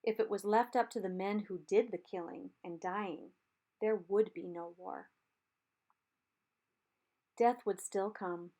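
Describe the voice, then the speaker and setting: Woman, audiobook narrator, steady measured reading, mid-pitched voice.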